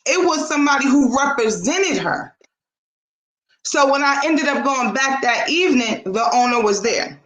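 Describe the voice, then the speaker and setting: A woman's voice: high voice, normal speed, roomy sound, rough recording. A woman co-hosting a casual talk show, telling a story animatedly and acting out the dialogue. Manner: animated, acts out quoted dialogue.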